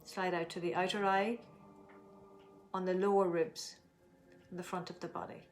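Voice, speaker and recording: A middle-aged woman leading a guided tapping session, giving slow, soothing instructions and stretching out repeated affirmations. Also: lowish voice, little pitch movement. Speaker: tapping and breathing teacher.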